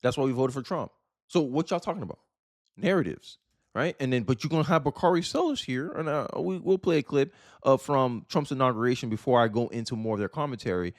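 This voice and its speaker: Young male host doing sarcastic, animated political commentary; dry, close-miked. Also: mid-range voice, brisk, dry recording. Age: young adult, 18 to 29.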